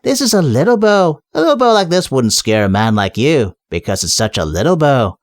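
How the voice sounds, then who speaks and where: A man's voice: medium pitch, very animated, a little fast, no echo, clean studio sound, lightly acted. A man voicing a brash, scrawny male city watch corporal who swaggers and snaps orders. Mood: swaggering. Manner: swaggering, snappy.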